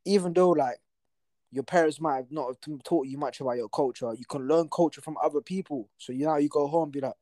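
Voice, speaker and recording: A young man, co-hosting a casual podcast chat and telling animated stories full of slang. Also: fairly high pitch, fast talker, no room sound. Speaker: podcast co-host.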